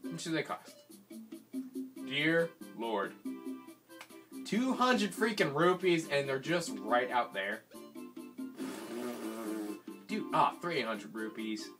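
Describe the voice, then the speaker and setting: A man casually commentating a video game he is playing, often excitable and given to sudden shouts. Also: mid-range voice, slow, creaky, long pauses. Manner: excitable, swings from mumbling to yelling. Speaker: let's play commentator. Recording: distant mic with loud game music.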